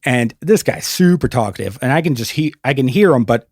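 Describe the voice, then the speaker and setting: A man's voice: medium pitch, lively intonation, a little fast, a little mellow, no room sound, studio quality. A man hosting a podcast, telling an awkward story in a casual, self-mocking way and laughing easily. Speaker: podcast host.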